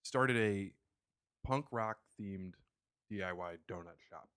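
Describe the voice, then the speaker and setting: A man's voice: deep voice, slow pace, a bit bright, clean tone. A man chatting casually as a podcast guest, telling a laid-back story. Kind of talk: casual chat.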